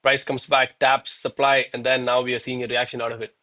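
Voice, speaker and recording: A man's voice: mid-range voice, little pitch movement, fairly quick, pushed and bright. A man from South India, commenting live on his trades and scolding himself in a casual, exasperated way. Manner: self-critical and exasperated, peppers talk with "bro" and "man". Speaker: live-streaming gold trader. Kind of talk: live trading stream commentary.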